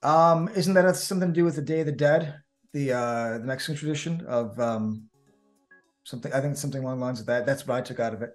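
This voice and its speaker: A man with a New Jersey accent, co-hosting a casual podcast chat in an animated, chatty way with frequent restarts. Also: medium pitch, fast talker, faint music behind. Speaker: co-host.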